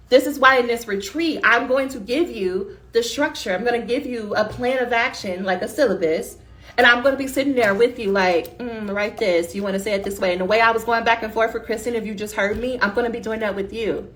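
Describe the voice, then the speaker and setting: A woman dissertation coach giving a casual motivational pitch, colloquial and emphatic, talking straight to her listeners. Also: a bit bright.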